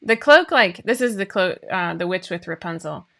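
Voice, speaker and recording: A woman's voice: fairly low pitch, expressive, moderate pace, gravelly, pushed and bright. A woman in her forties hosting a casual chat for her viewers, talking in a chatty, rambling way with frequent laughs. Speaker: host of a sewing pattern show.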